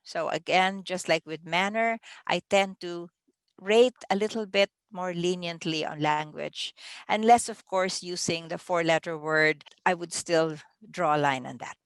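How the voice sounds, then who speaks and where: A woman's voice: fairly low pitch, measured pace, smooth, no room sound. A woman leading a training session for contest judges, talking through the ballot in a conversational way, with restarts and the odd small laugh. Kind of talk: training talk.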